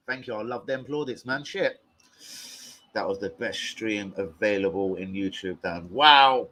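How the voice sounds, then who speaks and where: A young man hosting a casual live stream, full of slang, swearing and excited banter. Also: fairly low pitch, measured pace, slight background noise. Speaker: livestream host.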